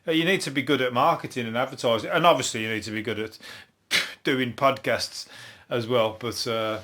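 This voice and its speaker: A man from Birmingham with a broad Brummie accent, riffing alone on odd news items for his comedy podcast. He rambles, swears a lot and chuckles at his own lines, his voice sitting at an ordinary middle pitch. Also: brisk, bright, forceful tone. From Birmingham, England. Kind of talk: solo comedic news review.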